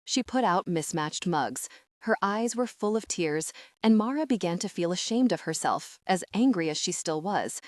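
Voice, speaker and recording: Woman narrator, low voice, dry close sound, calm read. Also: normal speed, no room sound. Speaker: audiobook narrator. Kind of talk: scripted narration.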